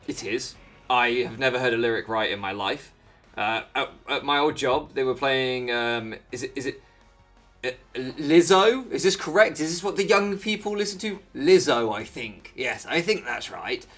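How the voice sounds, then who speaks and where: A man's voice: medium pitch, lively intonation, normal speed, a bit bright, faint music behind. A man giving casual, rambling commentary over a Pokémon game, easily sidetracked and self-mocking. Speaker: Pokémon video creator.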